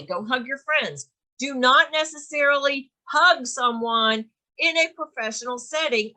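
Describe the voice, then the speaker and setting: A woman with a Southern US accent lecturing a real estate class. Her voice sits a bit high and sounds bright and forceful. She drives each point home with emphatic repetition. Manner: emphatic, repeats points, laughs occasionally. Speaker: real estate course instructor. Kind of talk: continuing-education lecture.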